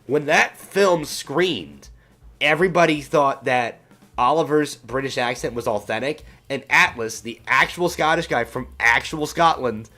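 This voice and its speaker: A man chatting casually on a livestream, telling stories with halting restarts. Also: medium pitch, bright, forceful tone, soft background music. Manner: rambling storyteller, halting restarts. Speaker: streamer.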